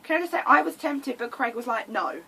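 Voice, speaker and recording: A woman chatting casually on a podcast, chiming in with lively remarks, recorded from a distance. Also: high-pitched, fast, gravelly. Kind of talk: casual chat.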